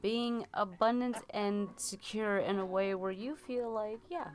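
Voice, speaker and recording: A woman's voice: medium pitch, fairly even intonation, unhurried. Chatty woman giving a tarot reading. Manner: chatty, rambling with many fillers. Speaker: tarot reader. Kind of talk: live-stream tarot reading.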